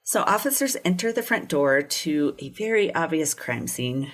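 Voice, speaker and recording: Low-voiced woman telling a true-crime story. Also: sing-song, normal speed. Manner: chatty, swears freely, quotes people in little voices. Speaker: podcast co-host.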